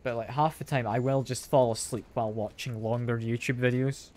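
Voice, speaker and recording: A man's voice: mid-range voice, fairly even intonation, brisk. A young man with a mild Scottish accent, chatting casually to his live-stream viewers while gaming at home on a sensitive desk mic. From Scotland. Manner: chatty, self-deprecating, answers chat aloud with soft laughs.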